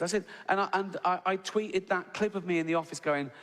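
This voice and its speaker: A man's voice: high-pitched, a little fast, hardly any pauses, fairly bright tone. A middle-aged man doing a stand-up routine, swearing a lot and acting out both sides of arguments in raised voices. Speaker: stand-up comedian. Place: large theatre stage. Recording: live hall with reverb and audience noise.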